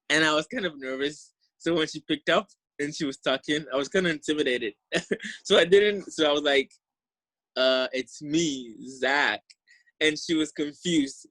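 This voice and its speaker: A man's voice: fairly high pitch, a bit bright, dry recording. A young man from Ghana with a Ghanaian accent, casually telling a story from his exchange year and laughing easily. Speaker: exchange program alumnus.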